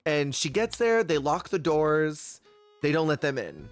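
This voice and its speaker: A man streaming casually while gaming, retelling reality-show moments in an animated way and acting out the quotes himself. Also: a little high, measured pace, faint music behind. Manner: animated storyteller who acts out quotes. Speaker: Twitch streamer.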